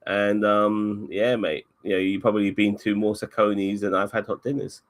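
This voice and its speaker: A man's voice: on the low side, flat delivery, moderate pace. A man from England with a London accent, chatting casually and swearing a lot, with stammering restarts. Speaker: cab driver. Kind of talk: casual chat.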